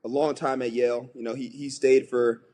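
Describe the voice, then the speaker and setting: A man's voice: mid-range voice, little pitch movement, fairly quick, warm tone. A young man hosting a podcast, talking in an easygoing, conversational way with frequent chuckles. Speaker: podcast host.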